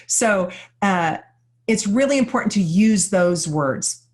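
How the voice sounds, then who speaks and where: A woman's voice: mid-range voice, animated, slow pace. A woman giving a live workshop talk to an audience, earnest and openly personal, explaining ideas with many everyday examples. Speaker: workshop presenter.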